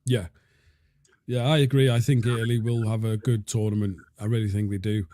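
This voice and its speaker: A man's voice: fairly low pitch, level tone, brisk, mellow, dry recording. A man from Wales with a Welsh accent, co-hosting a casual football chat and rambling with frequent restarts. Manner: rambling, self-interrupting. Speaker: co-host.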